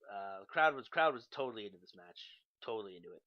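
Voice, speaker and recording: A man's voice: fairly low pitch, animated, fast talker. A young man casually recapping wrestling shows, loose and profane with lots of ums and uhs. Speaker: podcast host. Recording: dull lo-fi podcast mic.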